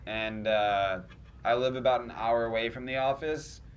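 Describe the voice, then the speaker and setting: A man's voice: mid-range voice, fairly even intonation, normal speed, highs cut off, slight background noise. A man hosting a casual livestream, tired after little sleep and rambling with restarts. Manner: rambling, self-mocking, with many restarts. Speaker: stream host.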